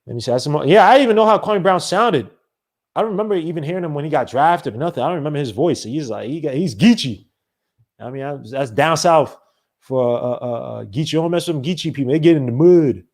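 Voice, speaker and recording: A man hosting a sports podcast, ranting in a rambling, animated way with many restarts. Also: on the high side, a little fast. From not from the American South. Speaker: podcast host. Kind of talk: casual solo sports talk.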